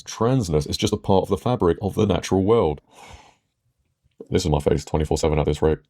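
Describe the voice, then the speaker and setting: A man giving sarcastic, exasperated video commentary, his voice a bit hoarse. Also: sits low, brisk, warm tone, no echo. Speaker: commentary YouTuber.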